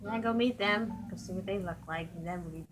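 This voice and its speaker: A woman's voice: medium pitch, fast, noisy background. A young woman giving casual, sarcastic gameplay commentary, laughing often. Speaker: gaming channel host. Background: game music.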